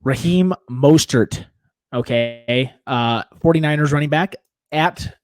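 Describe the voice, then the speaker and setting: Talking slowly in a fairly high voice, this man co-hosts a casual fantasy sports show, rambling and making jokey self-corrections. The audio has no echo.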